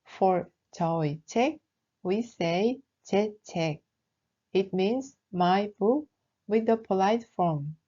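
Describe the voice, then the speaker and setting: Mellow-voiced woman teaching a language lesson. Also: mid-range voice, expressive, lo-fi sound. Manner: slow, careful explaining with example words. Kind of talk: scripted lesson narration.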